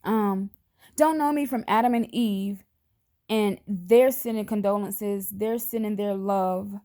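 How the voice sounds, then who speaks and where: A mother in grief speaks to the camera in a personal message, fighting tears, her words sincere but halting and often left unfinished. Her voice is mid-range with a dark tone.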